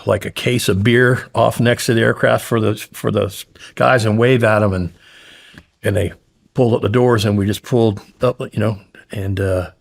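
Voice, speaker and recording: Gravelly-voiced man telling a war story. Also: lowish voice. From United States. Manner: animated storyteller who acts out quoted voices and swears. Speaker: podcast guest. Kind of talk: casual storytelling interview.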